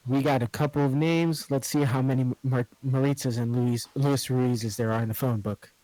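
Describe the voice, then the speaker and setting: A brisk, matter-of-fact agent partner, read by a man. The sound is dry and close, with no room around it. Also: mid-range voice, fairly even intonation, warm tone, dry recording, close to an everyday voice, poor audio.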